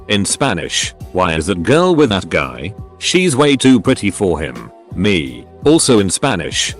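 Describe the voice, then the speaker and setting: A man reading short funny stories aloud as a scripted narration, with a lively storytelling delivery. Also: on the low side.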